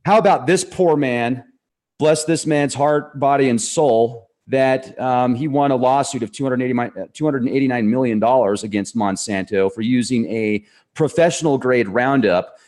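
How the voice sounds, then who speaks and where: A man co-hosting a casual talk show, excitable and sarcastic as he talks. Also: mid-range voice, normal speed. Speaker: co-host.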